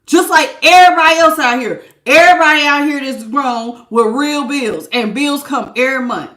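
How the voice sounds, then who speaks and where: Woman tarot reader on a live stream: high voice, blunt tough-love scolding, slangy, roomy echo. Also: normal speed, fairly bright tone. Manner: calls listeners "baby", casual slangy talk.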